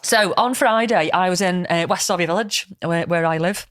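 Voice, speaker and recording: A woman's voice: fairly low pitch, moderate pace, dry recording, clean studio sound. A woman with a Liverpool accent hosting a podcast in casual chat, talkative, swearing freely and laughing often. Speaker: podcast host.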